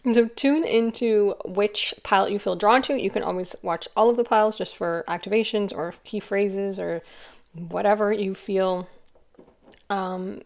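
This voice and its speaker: A woman's voice: medium pitch, steady tone, measured pace, darkish tone. A woman giving a casual intuitive card reading to camera, chatty and rambling with many restarts. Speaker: tarot card reader.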